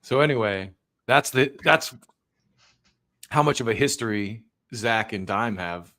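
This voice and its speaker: A man's voice: on the low side, measured pace, bright, forceful tone. A man hosting a live stream and chatting casually while waiting for a guest. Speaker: host.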